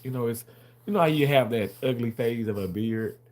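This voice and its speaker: A man's voice: mid-range voice, brisk, a little mellow. A man hosting a casual livestream, rambling and repeating himself as he answers and argues with viewers in the chat.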